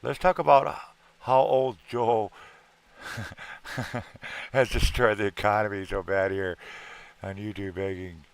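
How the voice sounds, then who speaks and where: Homme à la voix grave et éraillée. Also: male voice, low voice, vocal fry, no room sound. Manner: rambling, earnest, repeats himself. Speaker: livestream host. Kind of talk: casual livestream chat.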